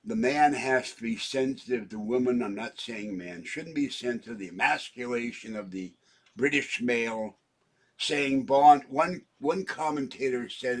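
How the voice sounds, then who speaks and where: A man's voice: mid-range voice, measured pace. A man in his seventies in a rambling, chatty home vlog monologue at his kitchen, wandering from topic to topic. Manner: rambling, chatty, flares up when indignant. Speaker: vlogger.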